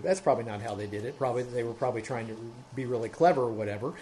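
A man's voice: mid-range voice, racing, hardly any pauses, a little mellow, a little hiss or hum. A man preaching an expository sermon as pastor, working methodically through a Bible passage verse by verse and growing more emphatic as he goes.

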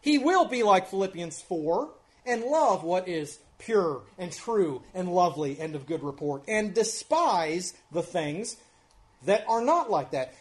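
A pastor preaching an earnest expository sermon, with emphatic rises and drops in loudness and casual asides. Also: male voice, high voice. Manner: conversational asides.

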